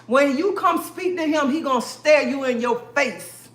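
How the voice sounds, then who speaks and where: A woman's voice: high-pitched, animated, normal speed, hardly any pauses, fairly bright tone. Emphatic woman ranting on a live stream. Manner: emphatic and repetitive, calls listeners honey and baby. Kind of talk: live-stream rant to viewers. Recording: echoey room.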